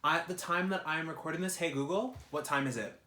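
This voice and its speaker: A young man, ranting in a vlog, animated and exasperated, swearing a lot. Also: a little high, fast talker. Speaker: vlogger. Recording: roomy echo.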